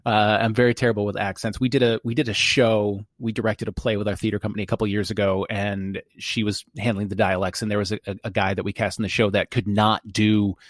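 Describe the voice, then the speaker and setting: Low-voiced joking man, dry sound. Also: level tone, quick pace, hardly any pauses, no room sound. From United States. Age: 40s. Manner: jokey and self-deprecating, chatty with lots of restarts. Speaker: podcast host. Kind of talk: casual podcast chat.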